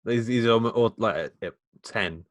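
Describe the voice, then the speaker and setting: A man's voice: medium pitch, moderate pace, no echo. A man with a Midlands accent co-hosting a podcast, chatting casually about a film, rambling and laughing often. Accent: English Midlands. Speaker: podcast co-host.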